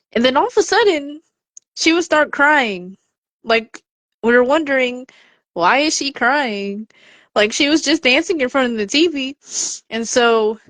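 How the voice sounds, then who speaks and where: A woman's voice: on the high side, no room sound. A woman on a podcast telling a personal story and offering encouragement, acting out the voices she quotes. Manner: lively storyteller who acts out the quoted voices. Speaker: podcast contributor.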